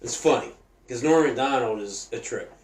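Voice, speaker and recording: A man co-hosting a casual podcast chat, excitable and swearing constantly as he gushes about things he loves. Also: mid-range voice, moderate pace. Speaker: podcast co-host. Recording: echoey room with faint ambience.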